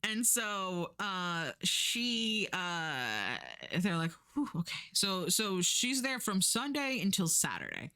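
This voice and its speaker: A woman's voice: medium pitch, very animated, slow pace, sharp tone, clean tone. A young woman from the United States casually chatting as a streamer, retelling a story in a rambling way with lots of fillers and self-corrections, putting on voices for the people she quotes.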